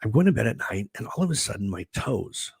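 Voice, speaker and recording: Husky-voiced man telling a story. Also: lowish voice, big pitch swings, quick pace, dry recording. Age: middle-aged. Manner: rambling, chatty, full of fillers and restarts. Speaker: host. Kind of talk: casual personal storytelling.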